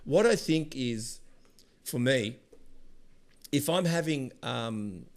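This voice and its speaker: A man hosting a podcast, starting haltingly, then telling stories by retelling conversations. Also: mid-range voice, lively intonation. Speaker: podcast host. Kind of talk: casual chat.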